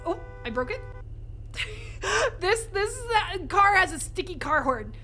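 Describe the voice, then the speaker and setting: A woman streaming a game live from home, excitable and jokey, swearing and laughing often as she talks to chat. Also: very high-pitched, measured pace. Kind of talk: live gameplay commentary.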